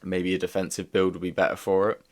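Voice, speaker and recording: A man's voice: deep voice, monotone, fast talker. A young man giving a casual, rambling video review, peppered with filler words. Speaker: toy reviewer.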